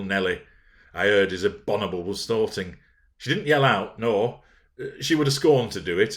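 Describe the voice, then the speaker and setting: A man narrating a classic novel in a measured, expressive storytelling manner. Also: on the low side. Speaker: audiobook narrator. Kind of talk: dramatic novel reading.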